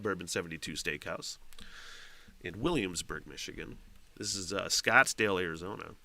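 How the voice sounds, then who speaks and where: A man's voice: medium pitch, sharp tone, no echo. A middle-aged man hosting his own podcast, chatting casually, swearing freely and reading a news story aloud with rambling asides. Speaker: podcast host. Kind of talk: casual solo podcast chat.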